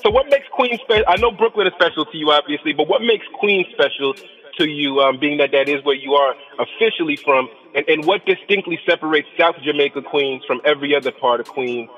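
A man hosting an interview in a relaxed, slangy way, often stumbling and repeating words. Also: on the high side, a little fast. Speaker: interview host. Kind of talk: casual interview. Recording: dull, lo-fi sound.

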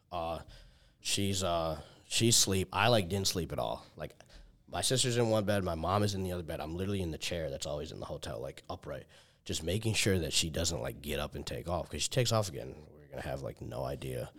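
A young man telling a long personal story in casual chat, loaded with "like" and swearing, often acting out what people said. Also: sits low. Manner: heavy filler "like", swears, restarts, quoted dialogue.

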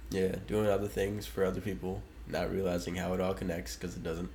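A man's voice: sits low, little pitch movement, a little fast, darkish tone, a little hiss or hum. A man co-hosting a podcast in laid-back casual chat, agreeable and brief. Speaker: podcast co-host.

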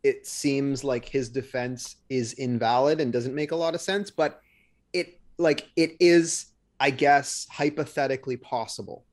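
A man's voice: mid-range voice, fairly even intonation, a little slow. A man in casual chat, rambling with restarts as he retells events. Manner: rambling, restarts, retells trial scenes with quoted lines.

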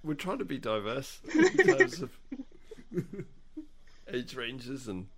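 A man chatting on a podcast with a lively, swooping pitch. He is playful and teasing and laughs easily. His talk is loose and casual. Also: takes it slowly, crowd noise. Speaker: podcast co-host. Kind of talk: casual chat.

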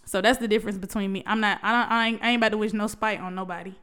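Candid woman with a smooth voice, testifying. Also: mid-range voice, fairly even intonation, very fast, a bit bright. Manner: emotional, testifying, laughs often, many restarts. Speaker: vlogger sharing a personal story. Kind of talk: candid personal talk to camera.

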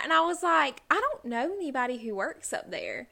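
Bright-voiced woman telling stories. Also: sits high, very animated, a little fast, vocal fry. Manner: rambling storyteller, heavy use of "like". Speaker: podcast co-host. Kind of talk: casual podcast chat.

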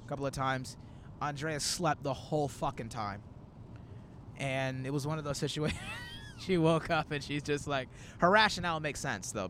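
A man's voice: medium pitch, noisy background. A man in his twenties, a comedian hosting a casual road-trip chat, telling rambling stories full of quoted asides. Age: 20s. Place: in a moving car.

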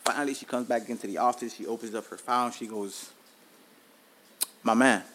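Male podcast host, 30s, mid pitch, casual, profane, animated storyteller. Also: fast. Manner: profane, animated, tells stories with acted-out quotes.

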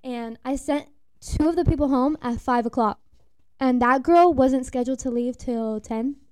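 High-voiced young woman telling a story. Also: normal speed, clear, resonant tone. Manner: animated storyteller, grows loud and emphatic. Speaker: former restaurant host. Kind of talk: casual storytelling among friends.

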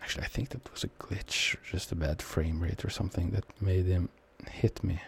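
A man's voice: low voice, fairly even intonation, normal speed, slightly rough. A young man with a Norwegian accent giving casual, rambling, self-mocking commentary while he plays a shooter. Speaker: gamer commenting on his match.

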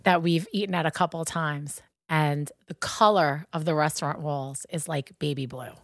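A woman with a Long Island accent co-hosting a podcast in casual chat, chatty and animated, often asking "right?". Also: low-pitched, normal speed, dry recording, clean studio sound. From Long Island, United States. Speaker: podcast co-host.

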